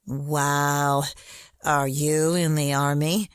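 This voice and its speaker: Man putting on a creepy sweet woman stranger, slow drawn-out speech, raised voice, dry close sound. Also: fairly high pitch, level tone, fairly bright tone, clean tone, dry recording, pitched above the performer's own voice. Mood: sweetly prying. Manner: slow, prying, overly sweet. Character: tall pale nosy woman on a train.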